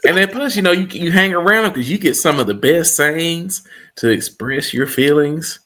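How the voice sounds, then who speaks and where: A man's voice: a little high, animated, moderate pace, pushed and bright. A young man chatting casually on a podcast, telling stories and laughing between lines. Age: young adult. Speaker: podcast guest.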